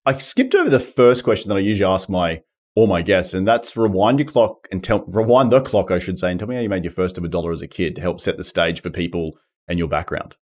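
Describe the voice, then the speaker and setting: Fast-talking Australian male podcast host. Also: sits low, animated, darkish tone. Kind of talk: casual interview.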